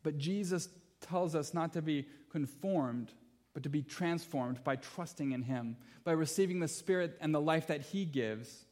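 A man's voice: fairly high pitch, moderate pace, darkish tone. A man preaching a sermon in an earnest, emphatic way, repeating key phrases and weaving in personal stories with light humor. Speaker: pastor.

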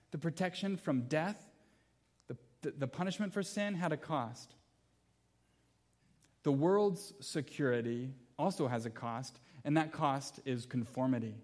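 Preaching in a voice on the high side with a darkish tone, a pastor speaks earnestly and emphatically. He repeats key phrases and weaves in personal stories touched with light humor.

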